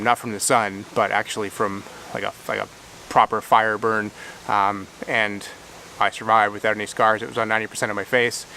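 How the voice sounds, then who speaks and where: Man, thirties, casual vlog Q&A, slightly low voice, self-deprecating, fillers and restarts, faint hiss. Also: bright, forceful tone. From Czechoslovakia. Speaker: YouTube creator answering viewer questions.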